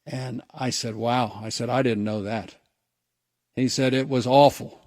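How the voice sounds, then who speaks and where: Radio host, male, mid-pitched voice, earnest reflective storyteller, dry close studio sound. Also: fairly even intonation, a little slow, darkish tone, dry recording. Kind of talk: personal story told on radio.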